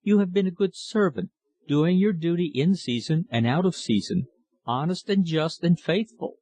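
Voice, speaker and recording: A man voicing a gentle village priest who speaks in a calm, consoling way. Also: a little high, normal speed, voice pushed up, lightly acted.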